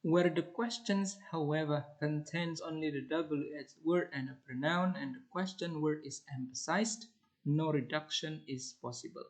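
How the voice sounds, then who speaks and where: A man reading a grammar lesson aloud as an English teacher, in a measured, deliberate way. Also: on the high side, low-quality recording.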